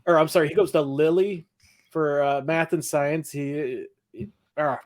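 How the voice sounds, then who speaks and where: A male podcast co-host recapping a TV episode in casual chat, loose and quick to laugh. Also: a little high, fairly even intonation. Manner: laughs often, loose and chatty.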